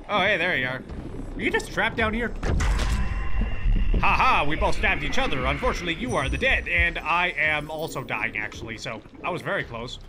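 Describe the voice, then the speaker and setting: A man talks through a horror game as he plays it, breaking into yells and curses whenever enemies rush him. His voice sits a little high and swings widely in pitch. Game music plays clearly underneath. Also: moderate pace. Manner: excitable, yelling and cursing at enemies. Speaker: gaming channel host. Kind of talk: let's play commentary.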